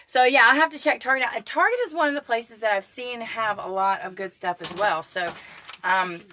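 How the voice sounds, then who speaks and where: Bright chatty woman. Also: fairly high pitch, brisk, slight background noise. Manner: chatty, excitable, greets viewers by name. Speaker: keto cooking vlogger. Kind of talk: casual live-stream chat. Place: home kitchen.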